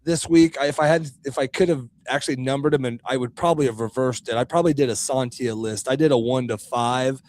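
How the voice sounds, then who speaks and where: A man's voice: medium pitch, fast, few pauses, darkish tone. A man from Kansas with a faint Kansas accent, co-hosting a podcast in casual chat, rambling and correcting himself. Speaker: podcast co-host.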